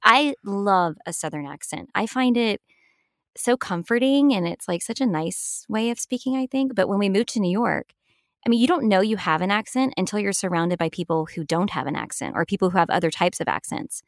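A middle-aged actress talking in a relaxed, enthusiastic interview, laughing often. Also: female voice, medium pitch, fairly quick, no room sound, studio quality. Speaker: actress guest. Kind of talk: casual interview chat.

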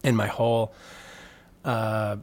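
A man's voice: on the low side, flat delivery, slow pace. A man in the guest chair, an electronic musician who meanders through his answers. His talk is full of fillers and restarts, with a self-deprecating streak of humor running through it. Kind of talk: casual interview chat.

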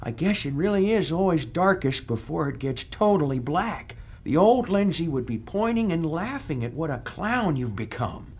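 A man doing the ghost of an old male senator in a comedy sketch, sarcastic and scolding. The voice swings widely in pitch, jabbing and mocking at every turn. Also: sing-song, moderate pace, few pauses, darkish tone, breathy edge, full character voice. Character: ghost of an older male senator, scornful and blunt.

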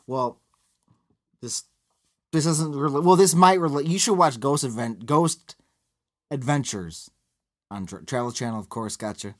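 A man's voice: mid-range voice, normal speed, pauses often. A man, co-hosting a podcast in casual banter, rambling and sarcastic with frequent swearing. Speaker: podcast co-host.

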